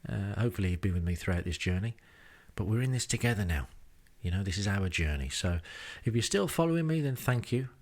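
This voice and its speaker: This is a fast-talking Englishman with a fairly low, expressive voice, hosting a podcast. Recording in a rented home, he narrates a travel diary with dry self-deprecation and wry side comments.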